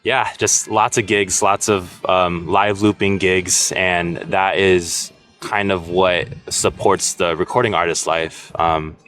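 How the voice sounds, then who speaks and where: A man's voice: low-pitched, a bit bright. A young man, a musician guest, chatting casually and easygoingly with frequent fillers and laughter. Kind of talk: casual conversation.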